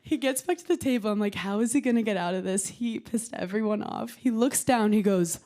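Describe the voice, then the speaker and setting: A woman in her thirties doing a stand-up comedy set on a television studio stage, with a punchy deadpan delivery. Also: mid-range voice, a little fast, few pauses. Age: 30s. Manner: punchy deadpan delivery, acting out quoted voices.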